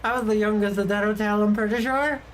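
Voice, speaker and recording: A woman's voice: mid-range voice, fairly even intonation, quick pace, a little hiss or hum, low-quality recording. A woman streaming from her desk, telling travel stories in a casual, chatty way and laughing often. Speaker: VTuber streamer. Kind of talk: casual stream chat, storytelling.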